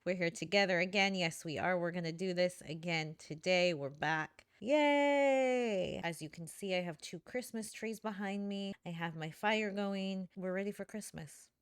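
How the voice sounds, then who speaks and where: A woman's voice: lowish voice, steady tone, normal speed, hardly any pauses, clean tone, no echo, clean studio sound. A woman at home giving casual, sarcastic reaction commentary as a video host. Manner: sarcastic, critical. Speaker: YouTube commentator. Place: living room at home with a fire going.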